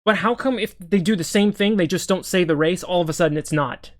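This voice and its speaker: A man's voice: sits high, a little fast, no echo, studio quality. A young man giving heated reaction commentary on a video, often stammering and repeating words. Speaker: political commentator.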